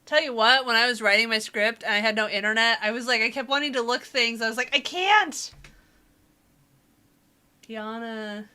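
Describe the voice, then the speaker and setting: Bright-voiced woman playing a game. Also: a little high, steady tone, fairly quick, hardly any pauses, clean tone. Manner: playful, joking asides and frequent laughter. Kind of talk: casual let's-play commentary, reading game dialogue aloud.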